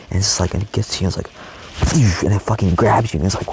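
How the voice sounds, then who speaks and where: Young man, low gravelly voice, profane rambling monologue that keeps dropping to a whisper; faint background hiss. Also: fast. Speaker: vlogger.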